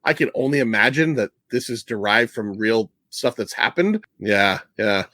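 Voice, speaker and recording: A man hosting a casual movie podcast, retelling scenes with a laugh and quick put-on voices. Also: lowish voice, expressive, bright, forceful tone, no echo. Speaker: podcast host.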